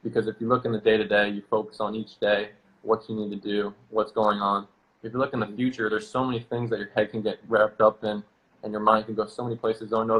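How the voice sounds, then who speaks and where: A young man and football player speaking as a guest in calm, thoughtful interview talk, with many fillers. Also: lowish voice, low-quality recording.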